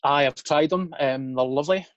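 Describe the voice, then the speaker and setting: A man's voice: on the high side, fairly quick, dull audio. A Scottish man hosting a casual podcast chat, teasing his guest with jokey banter and swearing.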